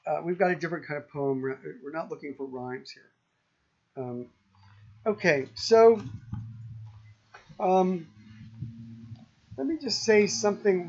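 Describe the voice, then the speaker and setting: Guy lecturing slow, kinda high voice, lots of ums, muffled lo-fi recording. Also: darkish tone. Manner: halting, many ums and restarts, slow and thoughtful. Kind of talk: university lecture.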